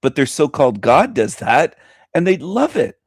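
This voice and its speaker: A man's voice: a little high, normal speed, breathy edge, dry recording. Man, host, scornful commentary, mocking, dry sound. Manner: scornful, mocking, animated ranting. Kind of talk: commentary on a played video.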